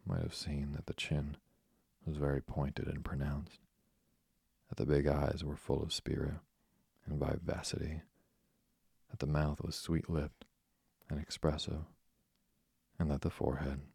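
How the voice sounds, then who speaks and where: A man narrating a bedtime story in a slow, soothing reading. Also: very deep voice, completely flat delivery, gravelly, darkish tone, husky, no room sound, clean studio sound.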